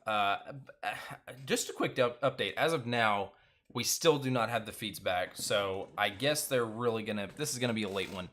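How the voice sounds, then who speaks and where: A man's voice: on the low side, moderate pace, a bit bright. A man hosting his own recap show, talking loosely with lots of filler words and strong opinions. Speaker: host of a reality TV recap channel. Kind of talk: casual episode recap chat.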